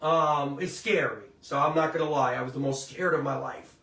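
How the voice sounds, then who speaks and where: Gravelly and fairly bright at a medium pitch, this middle-aged commentary host talks at a normal speed. He rambles through stories with casual emphasis, frequently seeking the audience's agreement, picked up by a far-off mic in a roomy space with music faintly playing.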